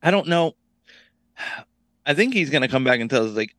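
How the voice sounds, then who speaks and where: A man co-hosts a casual podcast chat and jokes in a deadpan, teasing way. His voice sits at a middle pitch. The sound is dry and close. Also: moderate pace, long pauses, no echo. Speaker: podcast co-host.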